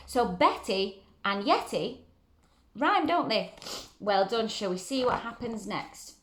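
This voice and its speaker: A woman reading a picture book aloud to children, gently asking them questions and praising them. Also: fairly high pitch, lively intonation, slow. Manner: gentle, encouraging questions to listeners. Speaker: story reader for children. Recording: roomy echo.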